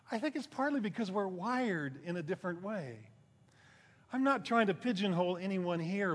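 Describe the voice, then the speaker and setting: A male pastor with a somewhat high voice delivers a conversational sermon. He lifts his voice for emphasis and then sinks low at the ends of thoughts. The sound carries a long hall reverb. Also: fairly bright tone.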